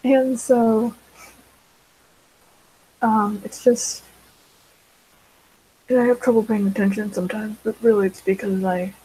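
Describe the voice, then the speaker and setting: A woman's voice: mid-range voice, flat delivery, a little slow, pauses often, mellow, husky, rough recording. A teenage girl chatting casually while she draws, rambling with many fillers and side tracks. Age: teens. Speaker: vlogger.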